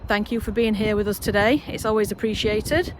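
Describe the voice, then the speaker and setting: A chatty woman rambles through a casual gardening vlog, talking at an easy middle pitch and cheering herself on as she goes. She is outdoors on an allotment, and wind and passing traffic come through clearly behind her. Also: brisk. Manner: chatty, rambling, self-encouraging. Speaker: allotment vlogger.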